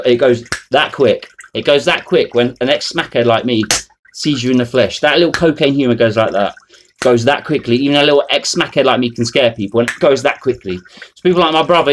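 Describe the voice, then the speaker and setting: A vlogger whose voice sits on the high side rants off the cuff to camera, rambling, foul-mouthed and mocking. There's slight noise in the background.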